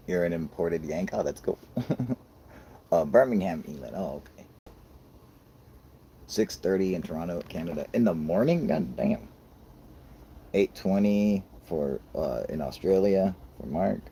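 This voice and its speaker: This is an American man with a scratchy, rumbling voice that sits at the very bottom of the range. His tone is dark and mellow, and a faint hiss of noise runs underneath. He banters casually as a stream host, swears freely and laughs often. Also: lively intonation, measured pace, pauses often. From United States. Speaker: livestream host reading chat.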